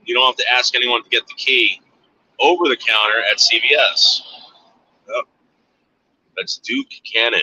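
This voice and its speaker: A man's voice: medium pitch, steady tone, normal speed, pauses often, pushed and bright, husky, poor audio. A man from the United States hosting a livestream, talking in a crude, meandering, offhand way. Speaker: livestream host. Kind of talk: casual rambling monologue.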